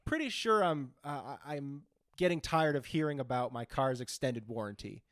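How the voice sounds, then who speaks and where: A man co-hosting a podcast, ranting in casual comic chat with heavy profanity, jumping from loud outbursts to low mutters. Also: moderate pace, no room sound, studio quality. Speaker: podcast co-host.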